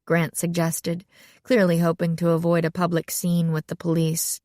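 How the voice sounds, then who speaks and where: Woman reading an audiobook, lowish voice, dry close sound. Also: completely flat delivery, normal speed, dark tone, no echo. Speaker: audiobook narrator. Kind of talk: scripted narration.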